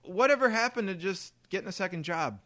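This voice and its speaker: A man co-hosting a podcast, venting about something that bugs him and laughing along the way. His voice is bright, with a wide, lively pitch, and the sound is dry and close-miked. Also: fairly quick, dry recording. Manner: ranting, laughs often, animated. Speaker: podcast co-host leading topics. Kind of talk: casual podcast banter.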